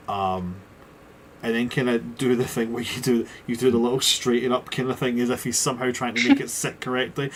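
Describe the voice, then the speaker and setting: A man's voice: mid-range voice, slight background noise. A man running a tabletop game as game master, rambling and self-mocking, full of restarts.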